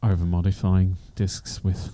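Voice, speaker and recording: A man co-hosting a podcast, explaining things in a measured, practical way. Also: low-pitched, level tone, warm tone. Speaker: podcast co-host. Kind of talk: casual podcast chat.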